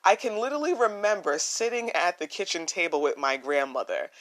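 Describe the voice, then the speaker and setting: Woman, low deep voice, young adult, solo podcast host, animated pitch, reflective, repeats phrases. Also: a little fast.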